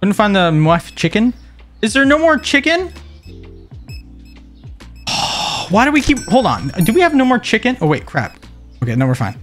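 A man streaming a video game, chatting in a playful, joking way and jumping into excited exclamations. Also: moderate pace, pauses often, soft background music. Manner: playful, jokey, bursts into excited high exclamations. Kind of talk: casual gameplay commentary.

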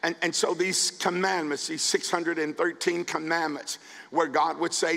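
A male pastor preaching a sermon, building from calm scripture reading to shouted calls to the congregation. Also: fairly high pitch, moderate pace, creaky, long reverb tail. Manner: preaching, rising to shouts with repeated words. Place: church sanctuary.

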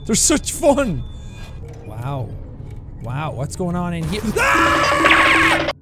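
A man doing loud, goofy commentary while playing a game, excitable and prone to shouting. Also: high-pitched, very slow. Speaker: gaming commentator. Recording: game audio and music behind.

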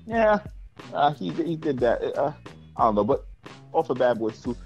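A man's voice: on the high side, moderate pace, gravelly, muffled recording, faint music behind. A man, co-hosting a podcast in casual chat, blunt and opinionated. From New York. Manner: blunt, opinionated, animated ranting. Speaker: podcast co-host.

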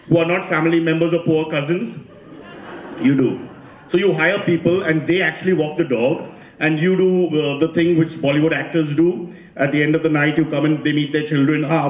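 A man performs stand-up and keeps quizzing and teasing his audience. His voice sits a bit high, and the sound carries a strong room echo. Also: highs cut off. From India. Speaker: comedian. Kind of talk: stand-up comedy.

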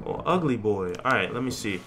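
A man's voice: lowish voice, animated, fairly quick, background noise. A young man casually joking and reacting while playing a horror game, chatting in slangy banter and yelping at scares. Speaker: gaming YouTuber. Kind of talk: horror game let's play commentary.

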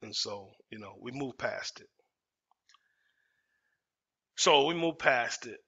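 A man's voice: medium pitch, animated, takes it slowly, creaky, pushed and bright, breathy edge. A man, telling a personal story in casual, emphatic talk and repeating phrases for effect. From Dallas, Texas. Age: 40s. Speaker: storytelling host. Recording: dull lo-fi audio.

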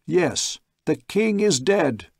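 A man's voice: a little high, unhurried, dry recording, clean studio sound, voice pushed up. A man reading as a commanding would-be king. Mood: proclaiming. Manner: raised, declaiming voice. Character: commanding man proclaiming himself rightful king.

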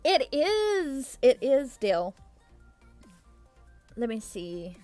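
A woman's voice: high voice, sing-song, drawn-out words, darkish tone, faint music behind. A young adult woman chatting casually with viewers on a live stream, bubbly and giggly, thanking them effusively. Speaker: livestreamer.

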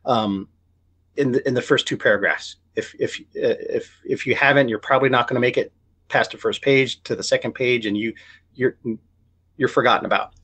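A man's voice: medium pitch, normal speed, fairly bright tone, husky. A man, a novelist, telling a story in a casual podcast interview, rambling with many restarts and repeated words. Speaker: novelist guest.

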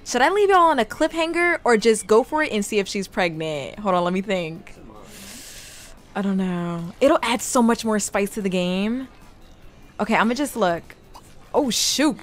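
A young woman chatting excitedly through a life-simulation game, talking to her viewers and to the characters on screen. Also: medium pitch, moderate pace, faint music behind. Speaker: gaming YouTuber. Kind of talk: casual let's play commentary.

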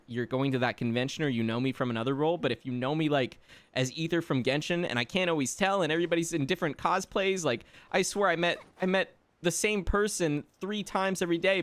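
A man hosting a casual game stream, chatting and telling stories in an animated, laughing way. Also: on the high side, fast talker, no echo. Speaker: streamer and voice actor.

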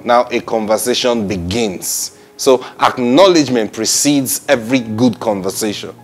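A man teaching the Bible in a lively sermon style, repeating phrases and praising God between points. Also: medium pitch, normal speed, few pauses. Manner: animated and repetitive, often saying "praise God" with short laughs.

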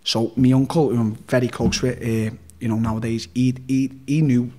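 A man's voice: medium pitch, level tone, moderate pace, dark tone. A young man with a Liverpool accent, a podcast guest telling his life story bluntly, swearing heavily and restarting sentences often. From Liverpool, England. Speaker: interview guest. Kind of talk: candid storytelling in a podcast interview.

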